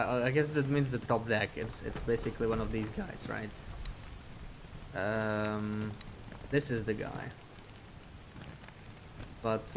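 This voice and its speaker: A man's voice: mid-range voice, slight background noise. A man streaming a puzzle game, chatting casually and thinking aloud as he plays. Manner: thinks aloud while playing. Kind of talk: casual gameplay commentary.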